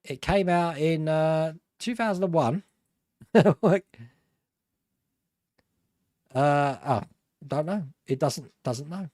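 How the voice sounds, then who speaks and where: British guy, middle-aged, hosting a live stream, kinda high voice, chats and rambles, laughs a lot, dry close mic. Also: takes it slowly, darkish tone, no echo. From Britain. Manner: chatty and rambling, laughs often, self-mocking. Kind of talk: casual live chat reading viewer comments.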